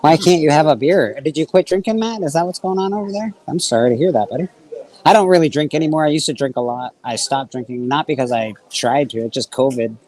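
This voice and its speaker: A man's voice: fairly high pitch, fast, a little mellow, low-quality recording. A man hosting a casual livestream, chatting loosely and reading out questions from the chat. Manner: laid-back, chatty, reads out chat questions. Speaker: host.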